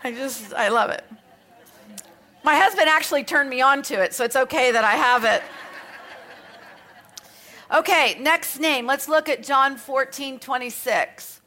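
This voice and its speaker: Australian woman teaching scripture, higher voice. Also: a little slow, long pauses, pushed and bright. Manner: chatty, with light self-mocking asides; reads scripture aloud between remarks. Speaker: Bible teacher. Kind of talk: conversational teaching.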